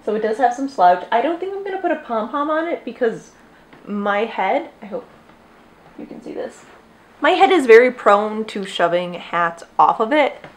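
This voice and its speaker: A woman's voice: fairly high pitch, big pitch swings, moderate pace. A young woman hosting a knitting podcast at home, chatting casually and rambling, often breaking off to talk to her dog. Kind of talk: casual chat. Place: at home with dogs.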